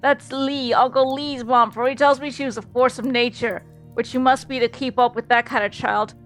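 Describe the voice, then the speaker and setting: A woman's voice: high voice, steady tone, normal speed, faint music behind. A woman streamer giving jokey, giggly commentary while playing a story game. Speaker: VTuber streamer. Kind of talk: casual gameplay commentary.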